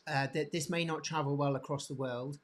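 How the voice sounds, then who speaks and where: A man teaching hand anatomy off the cuff, pointing to bones, with many restarts and frequent throat clearing. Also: on the high side, fairly even intonation. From England. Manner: halting, repeats words, frequent throat clearing. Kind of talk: unscripted teaching demonstration.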